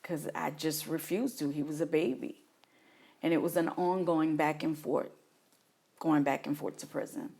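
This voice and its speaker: Guest, woman from New Orleans, middle-aged, low and gravelly, animated storyteller. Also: moderate pace. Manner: animated retelling, acts out her own past reactions. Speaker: guest, mother of an incarcerated son. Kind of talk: emotional interview storytelling.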